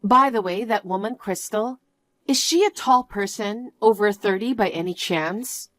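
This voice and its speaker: A woman voicing a kind, apologetic middle-aged mother in a one-voice story narration, speaking gently. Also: mid-range voice, measured pace, dry recording, lightly acted. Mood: concerned.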